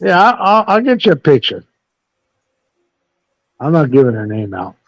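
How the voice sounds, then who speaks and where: A man in a casual live chat whose voice sits a little high. He rambles through stories, bluntly and full of profanity. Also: sing-song, moderate pace, dry recording. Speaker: panel host.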